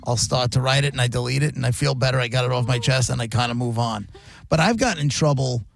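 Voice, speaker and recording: A man's voice: mid-range voice, quick pace, vocal fry. A radio host chatting casually on air, acting out other people's lines as he tells stories. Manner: animated storyteller, acts out quotes. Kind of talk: casual radio show banter.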